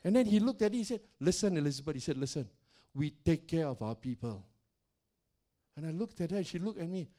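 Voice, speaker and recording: An older man, a pastor, telling stories in a sermon in a loud, animated way, often laughing and acting out the voices of the people he quotes. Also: fairly high pitch, brisk. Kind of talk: sermon storytelling.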